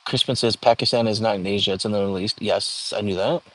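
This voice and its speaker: A man's voice: on the low side, fairly even intonation, fast, a bit bright. A young man hosting a casual livestream, reading viewer comments aloud and chatting back in an easygoing way. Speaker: livestream host. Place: home.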